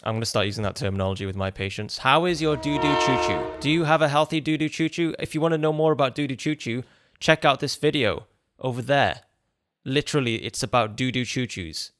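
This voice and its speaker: A man's voice: medium pitch, fast talker, a bit bright. A British man in his late twenties, a doctor, reacting to an old cartoon with jokes and dry sarcasm. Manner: jokey, sarcastic, upbeat. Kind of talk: casual reaction commentary. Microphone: USB dynamic mic.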